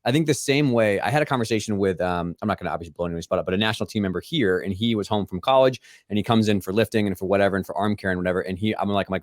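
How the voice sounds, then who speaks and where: A man's voice: sits low, very fast, hardly any pauses, no echo, clean studio sound. A man hosting a podcast, talking enthusiastically in long run-on thoughts during a casual interview. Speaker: podcast host.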